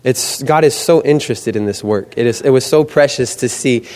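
A young man giving an animated testimony, acting out the voices in his stories. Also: medium pitch, normal speed. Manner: animated storytelling, acts out quoted voices. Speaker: student book canvasser. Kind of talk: testimony talk. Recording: long hall reverb.

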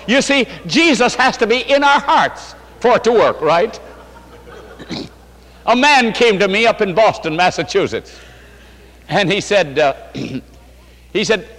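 A man's voice: high voice, sing-song, a little slow, pauses often, a bit bright, big-room sound. A man preaching a sermon, telling stories and acting out the voices of the people in them, laughing now and then. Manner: storytelling with quoted voices and laughter.

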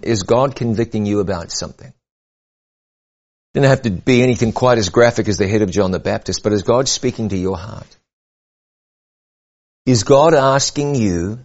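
A man's voice: fairly low pitch, a little mellow. Earnest male preacher, lo-fi sound. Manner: earnest, measured, rising and falling for emphasis. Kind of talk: sermon.

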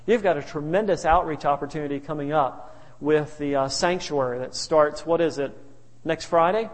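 A man with a fairly high voice preaches to a congregation. He tells homey stories about his family to make his points. His voice rings out with a long hall reverb. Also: normal speed. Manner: folksy, telling family stories. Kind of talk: sermon. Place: church.

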